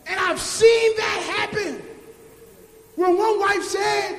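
Man preaching, very high voice, swells into shouting with a sung lilt, long church reverb, faint room noise. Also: slow, creaky. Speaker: pastor. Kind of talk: sermon. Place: church sanctuary. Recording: echoey church hall, faint ambience.

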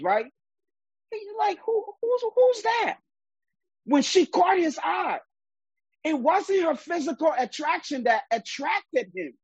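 High-voiced woman teaching scripture. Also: no echo. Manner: reads scripture aloud, then explains it emphatically. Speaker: Bible teacher. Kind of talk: sermon-style Bible study. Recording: dull, lo-fi sound.

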